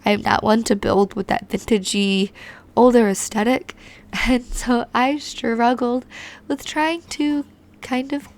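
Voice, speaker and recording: A hoarse woman, recovering from being sick, hosting a video with a chatty, rambling voice-over recorded on a home mic. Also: a little high, darkish tone. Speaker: host. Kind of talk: casual voice-over narration.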